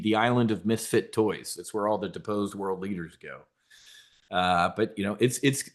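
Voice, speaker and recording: A man hosting a trading show, talking in a rambling, casual way with many repeated words and asides to his viewers. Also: on the low side. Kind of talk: casual market commentary.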